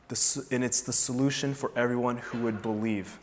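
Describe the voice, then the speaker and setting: A man preaching a sermon in a conversational, animated way, asking the listeners rhetorical questions. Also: medium pitch, a little fast. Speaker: pastor. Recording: long hall reverb.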